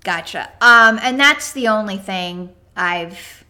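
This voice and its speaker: A woman's voice: medium pitch, expressive, slow, sharp tone. A woman co-hosting a casual card game chat, bubbly and chatty, full of "like" and "um", with a touch of hiccups. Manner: bubbly, chatty, many "like" and "um" fillers. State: has the hiccups. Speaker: card game podcast co-host.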